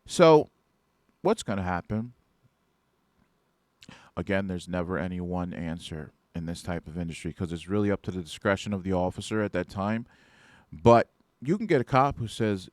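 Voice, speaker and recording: A man's voice: low voice, animated, normal speed, long pauses, dry recording, clean studio sound. A man hosting an instructional podcast about security guard duties, talking conversationally and often checking in with "right?". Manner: conversational, keeps asking "right?". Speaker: podcast host and security trainer.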